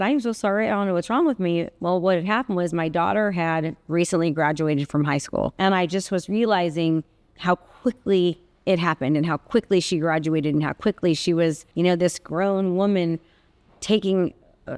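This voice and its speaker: Earnest woman in her fifties, lowish voice. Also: darkish tone. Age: 50s. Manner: earnest, conversational, many fillers and asides. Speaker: real estate coach. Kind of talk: personal reflective talk to camera.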